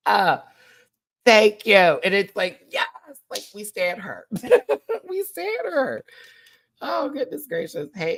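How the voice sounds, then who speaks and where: A woman chatting in a live review of a show, animated and gushing, laughing often. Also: deep voice.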